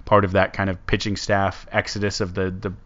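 A man hosting a casual sports podcast, talking in a rambling, halting way. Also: low voice, little pitch movement, fairly bright tone. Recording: dull lo-fi sound.

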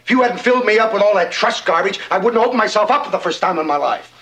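A man's voice: high voice, animated, fast, fairly bright tone. An actor playing a heartbroken, bitter middle-aged man in a television drama, sulking and feeling sorry for himself. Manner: sulky, self-pitying outbursts.

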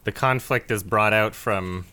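A man's voice: fairly low pitch, a little slow, sharp tone, clear, resonant tone. A man co-hosting a podcast, recapping a movie in casual chat with amused sarcasm and frequent laughs. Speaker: podcast co-host.

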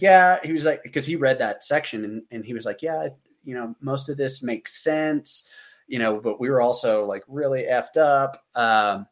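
A man in his thirties recounting a story from his time in the service. He talks in a loose, conversational way, with plenty of fillers, and his voice rises whenever he acts out what someone said. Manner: animated, acts out quotes with raised pitch. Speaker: military veteran telling a story. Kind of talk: casual spoken storytelling.

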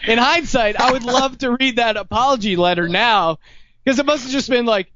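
A man's voice: very high-pitched, normal speed, highs cut off, background noise. A man in his thirties hosting a casual pub chat with friends, telling self-mocking stories. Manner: jokey, self-mocking storyteller. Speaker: podcast host.

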